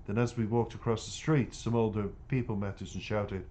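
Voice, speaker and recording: Low-voiced man narrating an audiobook. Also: fairly quick, a little mellow. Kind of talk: first-person audiobook narration.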